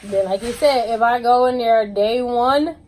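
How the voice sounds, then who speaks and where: A woman co-hosting a casual chat, talking in a relaxed way with frequent fillers. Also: on the high side, unhurried. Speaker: co-host.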